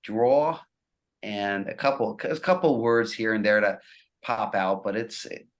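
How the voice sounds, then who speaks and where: Laid-back sarcastic man, low voice. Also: a little slow. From New Jersey and New York area, USA. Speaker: guest musician. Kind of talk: casual podcast chat.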